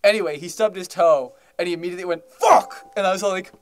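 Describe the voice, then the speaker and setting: The recording is very noisy, and this young podcast co-host speaks in a high-pitched, rapid-fire voice. His casual chat rambles, full of fillers and restarts, with frequent laughter.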